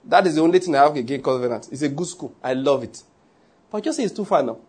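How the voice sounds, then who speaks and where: A man's voice: fairly high pitch, animated, quick pace, darkish tone, husky. A man with a Nigerian accent preaching a sermon, chatty and humorous, dropping into Pidgin asides. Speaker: pastor.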